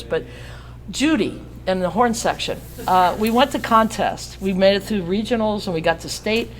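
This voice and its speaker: In poor audio with slight hiss or hum, a woman in her sixties with a fairly low-pitched voice speaks to students in a school auditorium. The radio host spins a folksy story at her own expense, breaking into song and laughing at her jokes.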